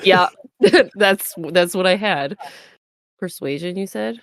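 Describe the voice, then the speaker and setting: A woman's voice: lowish voice, lively intonation, slow pace. A woman player in a tabletop game, chatting casually and animatedly. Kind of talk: casual chat.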